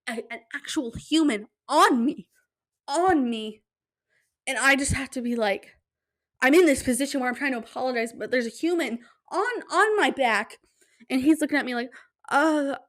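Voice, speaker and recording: A young woman hosting a casual solo podcast at home, telling stories in an animated, self-deprecating way and acting out quotes. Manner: animated, self-deprecating, acts out quotes with big pitch jumps. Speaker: podcast host. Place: home room, quiet at night.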